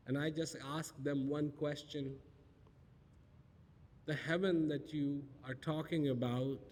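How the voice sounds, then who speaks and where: A man giving a storytelling public talk, asking rhetorical questions and repeating phrases for emphasis. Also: on the high side. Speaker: spiritual speaker. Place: large auditorium. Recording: long reverb of a large hall.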